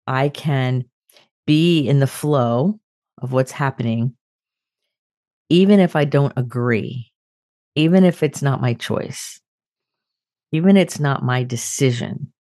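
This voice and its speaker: A woman's voice: very deep voice, a little mellow, no echo. An older woman talks through a spiritual reflection as a podcast host, earnest and personal. She tells her stories with restarts and asides. The sound is dry and close, with no room around her.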